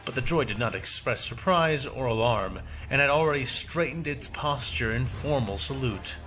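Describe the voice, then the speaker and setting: A man's voice: mid-range voice, expressive, pushed and bright. Man narrating a dramatic story. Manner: measured, dramatic reading. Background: music.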